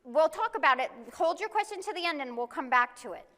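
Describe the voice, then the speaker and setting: A woman giving a live presentation to an audience, explaining things step by step and reading example statements aloud slowly. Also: high voice, animated, a bit bright, big-room sound. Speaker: conference presenter. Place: conference room.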